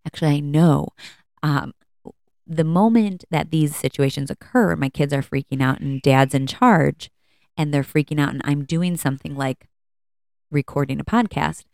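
Female podcast host, chatty and candid, low voice, smooth with some fry. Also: a little mellow, no room sound, clean studio sound. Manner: candid, chatty, with many fillers and restarts. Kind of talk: casual personal talk. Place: at home.

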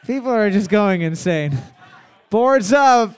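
A man's voice: high voice, expressive, slow, clear, resonant tone. A man hosting a live trivia night, cracking jokes and repeating each question. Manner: joking, reads questions twice, swears freely. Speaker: trivia host.

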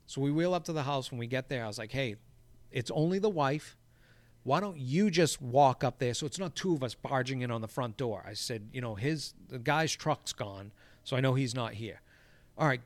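A golf course crew boss with a medium-pitched voice tells a story in casual conversation, swearing freely and acting out the quoted dialogue. There's no room sound.

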